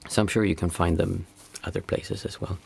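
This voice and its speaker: A man's voice: low-pitched, fairly even intonation, creaky, a little mellow, slight background noise. A man, a meditation teacher chatting casually and reflectively with viewers on a livestream. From Sweden. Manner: unhurried, reflective, reads out chat messages.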